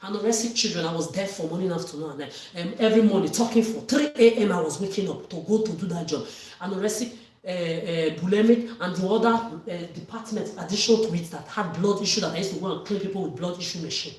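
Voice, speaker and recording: A woman's voice: fairly low pitch, fast talker, darkish tone. A woman vlogger delivering an angry, accusatory monologue, swearing and often raising her voice. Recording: echoey room, far from mic.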